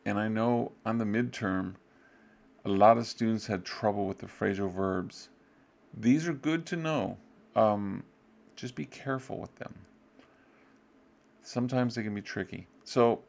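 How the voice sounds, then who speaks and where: A man's voice: measured pace, vocal fry, long pauses. A man teaching English, going over a review unit in a loose, offhand way and acting out short student replies. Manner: loose and offhand, fills gaps with "blah, blah"; acts out short student replies with jumps in pitch. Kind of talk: casual review lesson.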